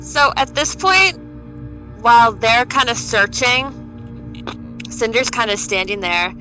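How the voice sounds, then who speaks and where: Slow, bright-voiced woman player. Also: fairly high pitch, soft background music, rough recording. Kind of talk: tabletop role-play narration.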